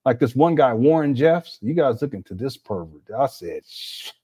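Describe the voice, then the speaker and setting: Dark, husky man in rambling commentary. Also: medium pitch, lively intonation, brisk. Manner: rambling, many restarts, scornful asides. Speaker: commentary host. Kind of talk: casual reaction commentary.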